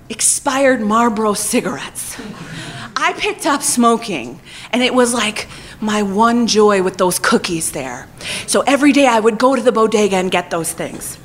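Woman, comic storyteller, high voice, swooping lively pitch, profane, laughs mid-sentence. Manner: profane, animated, laughs as she talks.

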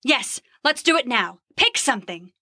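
A woman's voice: a little high, very animated, moderate pace, bright, forceful tone, no echo, clean studio sound, heavily acted. A woman putting on a roaring, boastful old god. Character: blustering old male god, boastful and quick-tempered.

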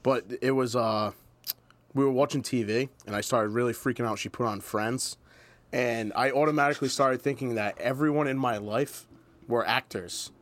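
Halting young man, dry sound. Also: medium pitch, no echo. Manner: halting, trails off while recounting. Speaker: podcast co-host. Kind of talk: casual chat.

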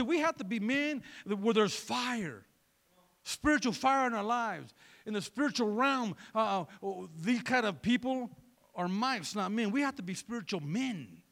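A man preaching a sermon in an animated way, throwing joking asides to the congregation. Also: very high-pitched. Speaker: pastor.

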